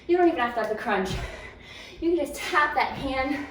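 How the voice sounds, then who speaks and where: A woman's voice: sits high, lively intonation, normal speed. A woman leading a follow-along home workout, cueing moves, counting down and encouraging, a little out of breath at times. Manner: encouraging cues with counting and laughs. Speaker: fitness instructor. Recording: very echoey room, distant mic, faint noise.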